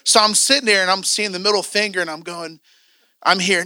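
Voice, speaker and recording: A man's voice: high voice, fairly even intonation, fairly quick, pushed and bright, clean tone, no echo, clean studio sound. A man teaching a church training class, candid and joking, acting out the voices he quotes.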